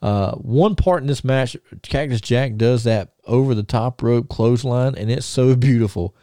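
A man talks casually on a podcast, retelling old stories in a loose, rambling way full of restarts. His voice is mellow and warm. The recording is close and dry. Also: medium pitch, normal speed, no echo. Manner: rambling storyteller, many restarts and chuckles. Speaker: podcast co-host. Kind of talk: casual chat.

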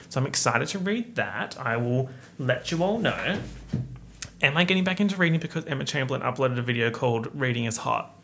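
A man's voice: mid-range voice, expressive, fairly quick, gravelly, fairly bright tone, slight background noise. A young man from Perth, hosting his podcast with a chatty, campy update full of slang and self-mockery. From Perth, Australia. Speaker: podcast host. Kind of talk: casual update chat.

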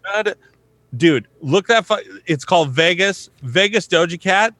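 A man's voice: sits high, lively intonation, a little slow, pushed and bright, dry recording. A man, a voice actor, chatting casually, rambling with lots of swearing and filler words. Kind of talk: casual chat.

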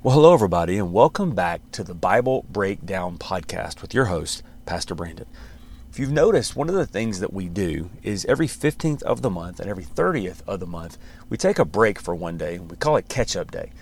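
A man, a pastor, hosting a podcast and teaching in a relaxed, conversational way with frequent restarts and light chuckles. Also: deep voice, fairly quick, a little hiss or hum.

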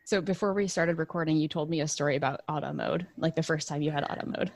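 Gravelly woman podcast host. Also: low-pitched, fast talker, no room sound. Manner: steady, informative reading. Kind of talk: podcast hosting and reading. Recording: dry close recording.

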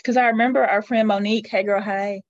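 A woman's voice: mid-range voice, fairly even intonation, fast, highs cut off. A woman co-hosting a podcast, chatting casually and laughing as she apologizes. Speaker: podcast co-host. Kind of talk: casual chat.

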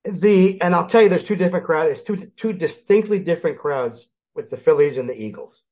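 An older man from Philadelphia chats as a guest about sports, with a fairly high voice. He tells his stories with energy and acts out the voices of the people in them. The audio sounds dull and lo-fi. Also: a little fast. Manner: animated storyteller, acts out quoted voices. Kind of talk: casual sports chat.

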